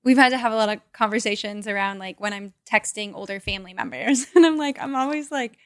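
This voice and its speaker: A woman's voice: medium pitch, fast talker, fairly bright tone, dry recording, clean studio sound. A woman co-hosting a casual podcast, reflective and open about her own feelings. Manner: reflective, openly shares own feelings, laughs easily. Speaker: podcast co-host.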